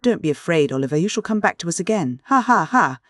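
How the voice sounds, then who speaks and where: A man's voice: a little high, animated, quick pace, a little mellow, dry recording, clean studio sound, close to an everyday voice. A man voicing Fagin, a crafty wheedling old thief. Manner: cajoling, mock-affectionate, chuckling. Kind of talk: audiobook character voice.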